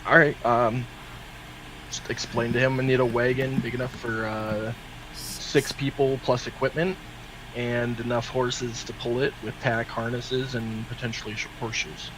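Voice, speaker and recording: A man's voice: mid-range voice, little pitch movement, normal speed, noisy background. A man playing a tabletop game, talking in a practical, organizing way. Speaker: player. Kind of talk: casual tabletop play.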